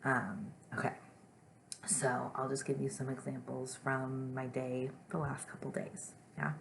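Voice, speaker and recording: A young woman teacher giving a gentle, patient lesson to young children, reading example sentences with exaggerated expression. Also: extremely low pitch, little pitch movement, unhurried, gravelly, slight background noise.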